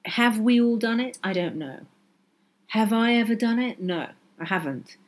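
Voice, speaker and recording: A woman's voice: a little high, lively intonation, normal speed. A woman hosting a solo podcast, talking earnestly and with passion, driving her points home by repeating them. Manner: earnest, impassioned, emphatic repetition. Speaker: podcast host.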